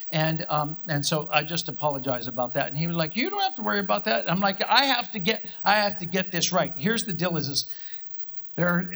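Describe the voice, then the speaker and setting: A man's voice: sits high, fairly bright tone. A middle-aged male pastor preaching a sermon in a conversational way, acting out his own thoughts as he tells a story.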